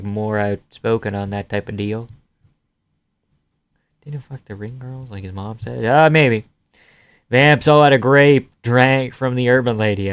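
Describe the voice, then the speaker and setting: Man with a smooth voice, offhand stream chat. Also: medium pitch, dry recording. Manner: crude, joking, loose and offhand. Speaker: live stream host. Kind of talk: casual live stream chat, reading viewer comments.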